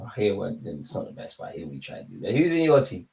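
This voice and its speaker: A man's voice: deep voice, very animated, fast talker, creaky, a little mellow, husky. A man hosting a live football watch-along stream, chatting loosely and bantering with his viewers in slangy speech.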